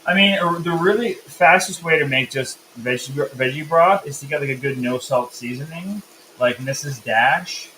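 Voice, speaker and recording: A man hosts a live cooking stream, talking through each step with easy banter. His voice sits a bit high, and there is a faint hiss behind him. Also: normal speed, pushed and bright, rough recording. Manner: joking, chatty, explains steps. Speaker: cooking show host. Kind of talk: casual live cook-along chat.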